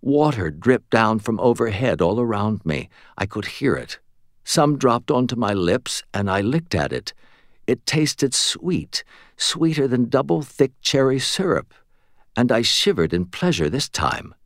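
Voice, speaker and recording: A man reading a first-person audiobook in an expressive, wry way. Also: medium pitch, measured pace, dry recording, clean studio sound. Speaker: audiobook narrator.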